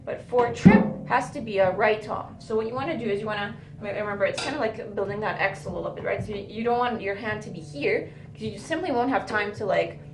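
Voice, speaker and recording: Over music, a woman with a medium-pitched voice teaches drum fills in a video lesson, talking fairly quickly with barely a pause. She counts rhythms aloud, walks through each step, and keeps checking in with "right?". The music school room full of drums is echoey, and the drumming is loud.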